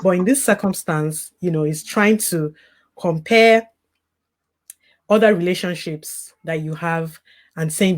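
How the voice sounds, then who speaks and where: A woman's voice: fairly low pitch, unhurried, darkish tone. Earnest grieving mother talking candidly. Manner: earnest, reflective, with frequent "you know" asides. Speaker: grieving mother as interview guest; grief recovery specialist. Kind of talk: candid conversational interview.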